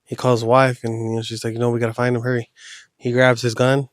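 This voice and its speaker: A man's voice: medium pitch, monotone, fast talker, dry recording, studio quality. Man rambling through a horror story. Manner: loose, rambling retelling with slang. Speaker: podcast host telling a horror story. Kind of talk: casual storytelling.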